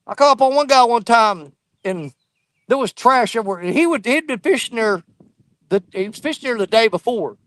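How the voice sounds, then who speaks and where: High-voiced blunt fishing host by a river. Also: male voice, lively intonation, a bit bright, dry recording. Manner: folksy and blunt, quick to get irate. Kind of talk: casual outdoor storytelling. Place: riverbank outdoors.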